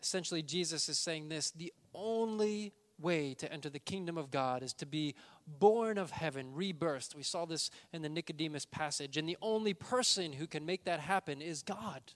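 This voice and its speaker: A man preaching a sermon, emphatic, slowing down and stressing key words. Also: a little high, a bit bright. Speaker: pastor.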